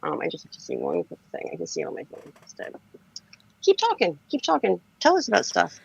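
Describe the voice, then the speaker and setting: A woman with a lisp co-hosts a casual late-night livestream chat, giggling, laughing often and sounding scattered. Her bass voice swoops wildly in pitch at a quick pace, with vocal fry and a breathy edge. The recording is dry, with the highs cut off.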